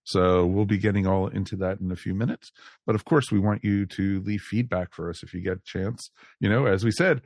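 A man's voice: low-pitched, brisk, darkish tone, no room sound, studio quality. A man hosting a podcast, chatting in an upbeat way with lots of fillers. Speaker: podcast host. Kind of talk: casual chat.

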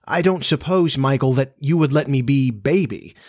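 A man's voice: mid-range voice, moderate pace, a little mellow, close to an everyday voice. A man voicing a humble little boy in a storybook, speaking diffidently and heavily. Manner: diffident, heavy.

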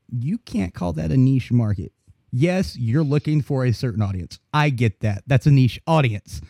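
A man's voice: mid-range voice, mellow, dry recording, studio quality. A man hosting a podcast, speaking bluntly and profanely with firm opinions. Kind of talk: casual podcast conversation.

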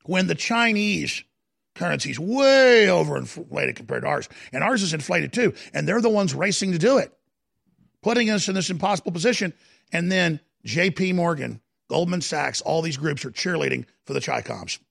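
A man with a fairly high, expressive, slightly bright voice and vocal fry hosts talk radio, delivering impassioned, digressive political commentary. He speaks rapid-fire, piling up phrases and restarting sentences again and again.

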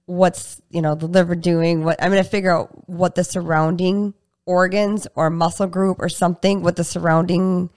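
A woman guest in a casual interview, talking about her work and acting out patient conversations in livelier voices. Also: moderate pace. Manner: animated, acts out patient dialogue in higher voices. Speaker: guest practitioner.

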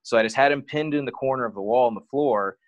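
A man's voice: mid-range voice, fast talker, no room sound, muffled recording. A man talking as a podcast guest, telling a personal story openly and casually, with lots of "like" as filler. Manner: frank and open, heavy use of "like".

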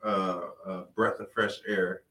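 A young man hesitantly telling a story in a casual chat, pausing to find his words. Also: sits low, flat delivery, pushed and bright. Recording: roomy sound from a distant mic.

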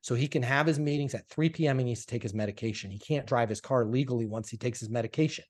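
A man, a sales coach being interviewed, telling stories in a casual, animated way and acting out the dialogue. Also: medium pitch, fast talker. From Colorado, USA.

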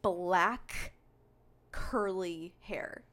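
A young woman co-hosting a podcast, chatting casually and telling a story with animated energy. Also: fairly low pitch, drawn-out words. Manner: animated storyteller, acts out her own screams. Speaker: podcast co-host. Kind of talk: casual chat.

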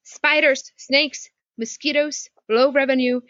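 A woman business coach telling a story on a video call, lively, with many rhetorical questions. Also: sits high, slow, no room sound. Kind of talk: casual talk on a video call. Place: home porch. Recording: dull, muffled video-call audio.

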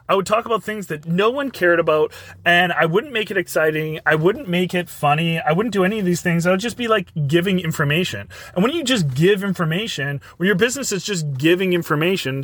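A man's voice: high-pitched, fairly bright tone, dry recording. A man hosting his own podcast, talking emphatically and loosely with fillers in a casual solo monologue. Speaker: podcast host.

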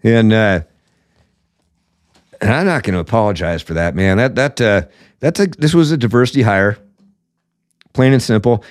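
A man's voice: on the low side, animated, moderate pace, pauses often, dry recording, clean studio sound. Blunt, emphatic male political host. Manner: blunt, emphatic, says "man" often, many fillers. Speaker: podcast host. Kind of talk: opinionated political commentary.

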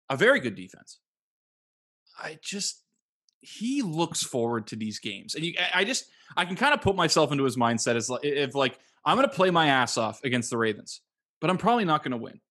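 A man's voice: a little high, sing-song, moderate pace, pushed and bright. Joking, self-deprecating podcast host man. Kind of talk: casual sports talk.

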